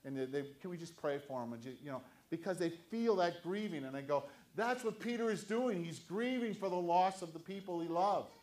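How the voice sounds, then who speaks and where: Older man, pastor, earnest sermon, conversational, slightly high voice. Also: expressive, a little fast, few pauses, darkish tone. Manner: earnest, conversational preaching with restarts.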